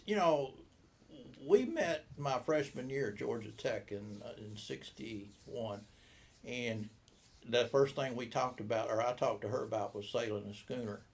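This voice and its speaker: Older man in his 70s, gravelly, rambling interview storyteller who voices the other people in his tales. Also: mid-range voice, measured pace. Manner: rambling anecdotal, acts out quoted dialogue. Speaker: boat shop owner.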